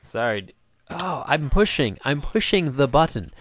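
A man's voice: fairly high pitch, very animated, measured pace, dry recording. A man casually talking through a game he is playing, chatty and rambling, joking and calling out to the characters on screen. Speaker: gaming video host. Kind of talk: casual let's-play commentary.

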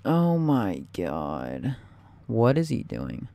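A young man giving live gameplay commentary, anxious and excitable, often muttering and repeating himself. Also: lowish voice, drawn-out words, creaky, dry recording.

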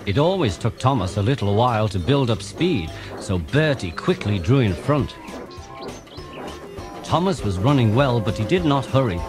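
A man's voice: mid-range voice, moderate pace. A man narrating a children's railway storybook. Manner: lively, expressive storytelling. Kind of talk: storybook reading. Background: music.

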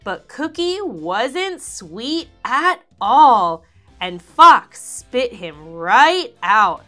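Bright, lively kids' storyteller woman, high voice, faint music under her. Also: extremely slow. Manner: animated, expressive, sing-song. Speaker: children's storyteller. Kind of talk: read-aloud for kids.

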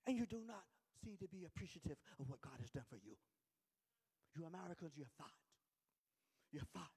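A man's voice: on the high side, big pitch swings, a little fast, dark tone, husky, big-room sound, heavily acted. A man voicing a frank young Nigerian seminary student who insistently scolds his listener. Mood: blunt.

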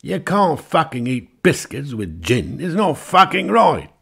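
Brash english pub bore, shouty and drawling, voiced by a man with a husky voice. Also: medium pitch, sing-song, pitched above the performer's own voice, full character voice. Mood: blustering. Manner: blustering, swearing, drawn-out emphasis. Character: brash loud middle-aged Englishman at a bar. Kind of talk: storytelling.

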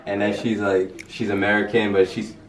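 A man's voice: fairly low pitch, moderate pace. A man joking and laughing with his family while filming a casual chat. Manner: joking, lively, laughs often. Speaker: family member. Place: family home during hurricane evacuation. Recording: loud crowd chatter behind.

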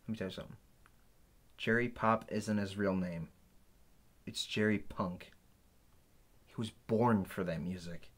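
An actor playing a bitter, boastful former tour mate in a mockumentary interview, speaking deadpan. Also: male voice, lowish voice, unhurried, long pauses. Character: washed-up male ex-bandmate, bitter and boastful.

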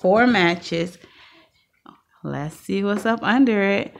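A woman's voice: medium pitch, animated, slow, creaky, slight background noise. Cheering woman hosting a scratch-off video. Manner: upbeat, bursts into loud cheers. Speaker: channel co-host. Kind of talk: casual lottery scratch-off commentary.

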